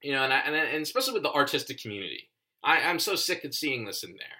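Forceful, profane comedian ranting. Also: medium pitch, big pitch swings, fast. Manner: profane, emphatic, rambling with restarts. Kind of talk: casual monologue rant.

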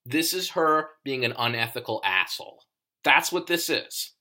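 Comedian going off on a rant, swears a lot, voice swings all over, sharp bright tone. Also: mid-range voice, animated, normal speed. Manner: profane, emphatic, rambling with restarts. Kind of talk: casual monologue rant.

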